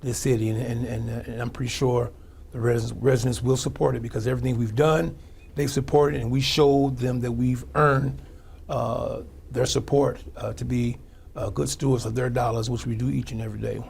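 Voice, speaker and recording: A St. man, a small-town mayor, answering interview questions in a gravelly voice. He talks loosely and conversationally over faint background noise. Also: mid-range voice, level tone, fairly quick, darkish tone. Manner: conversational, with frequent restarts and fillers. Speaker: mayor, guest.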